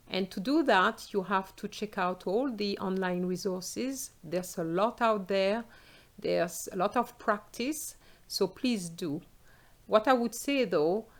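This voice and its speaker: French lady teacher, slow careful delivery, french accent, explaining exam tips. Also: medium pitch. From France. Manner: slow, clear explaining, switching into example phrases.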